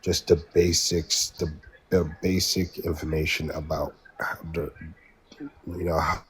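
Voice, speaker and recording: Low-voiced English man, halting debater. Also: flat delivery, slight background noise, rough recording. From England. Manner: hesitant, repeats words, interrupts. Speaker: debate guest. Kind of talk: heated online debate.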